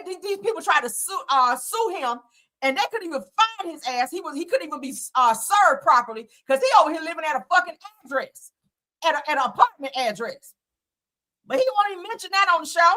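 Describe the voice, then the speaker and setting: A woman's voice: sits high, animated, brisk, sharp tone. A woman hosting a casual gossip show, talking bluntly and profanely in a fired-up way. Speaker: host.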